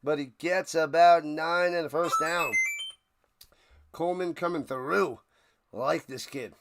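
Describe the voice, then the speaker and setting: A man with a slightly higher voice hosts a live football watch-party stream. He calls the plays in a casual, excitable way and breaks into joking asides between snaps. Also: slow pace, loud music behind the voice. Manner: chatty, jokey, excitable asides. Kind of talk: casual livestream play-by-play.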